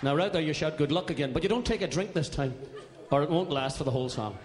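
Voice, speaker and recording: A man on stage briskly explaining a drinking song and leading the audience in singing it. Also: a little high, animated. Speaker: singer leading a pub song. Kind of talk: live song introduction and singalong. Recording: echoey hall.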